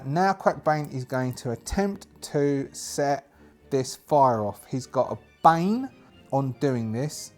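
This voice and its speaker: A man's voice: mid-range voice, darkish tone. Chatty man narrating a solo tabletop game. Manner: chatty, thinks aloud over dice rolls.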